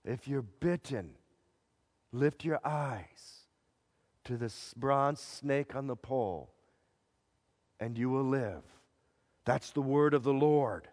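A man preaching a dramatic storytelling sermon, swinging between loud declarations and hushed, low passages. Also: expressive, slow, long pauses. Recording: long reverb of a large hall.

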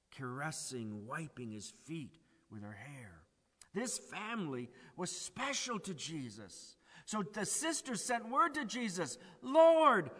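Slow dramatic preacher guy, bright voice, big reverb like a hall. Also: fairly high pitch. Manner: dramatic, swings from loud pleading to hushed emphasis. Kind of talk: sermon.

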